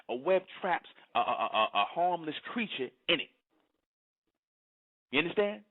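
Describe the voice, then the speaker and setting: Preachy male commentator, somewhat high voice, thin phone-quality audio, lecturing nonstop. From United States. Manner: lecturing, keeps asking "you understand?". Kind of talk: preachy monologue. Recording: tinny phone-like sound.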